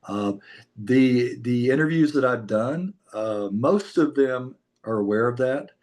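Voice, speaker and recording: American male interviewer, relaxed chatty delivery, laughs easily. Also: medium pitch, takes it slowly. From United States. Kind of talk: casual interview chat.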